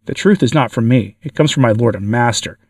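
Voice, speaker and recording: A man's voice: mid-range voice, brisk, no room sound, close to an everyday voice. A man voicing a shrieking tormented demon. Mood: anguished. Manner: shrieking, laughing defiantly. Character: tormented male demon forced to confess. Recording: dry, from far off the mic.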